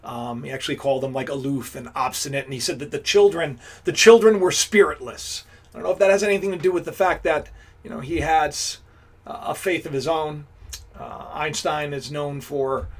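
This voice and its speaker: A man with a high, husky voice hosts a casual live stream from home. He chats straight to his viewers and rambles, often restarting his sentences. The grain in his voice stays through the whole talk. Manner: chatty, talks straight to viewers and greets them. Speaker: livestream host.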